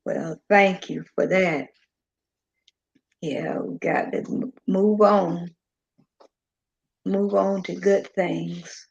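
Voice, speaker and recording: A woman hosting a podcast livestream with her sibling, talking slowly and emotionally about their late father. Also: on the low side, fairly even intonation, creaky, husky. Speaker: podcast host. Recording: dull lo-fi livestream audio with faint noise.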